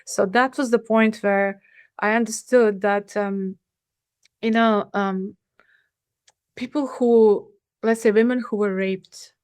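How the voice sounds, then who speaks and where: A woman's voice: mid-range voice, smooth, no room sound, clean studio sound. Earnest woman telling a personal story. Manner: earnest, halting, with many fillers and restarts. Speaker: podcast guest.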